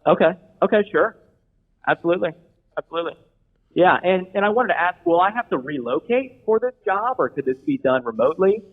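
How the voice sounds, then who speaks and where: A man's voice: high-pitched, expressive, a little fast. A man playing an eager, earnest job applicant in an improvised comedy bit, rambling as he talks. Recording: tinny phone-like line.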